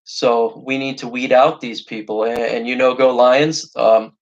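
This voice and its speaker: A man's voice: medium pitch, little pitch movement, normal speed, lo-fi sound. A man, a veteran, hosting a fan show, talking in an earnest, rambling and emphatic way. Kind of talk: casual monologue.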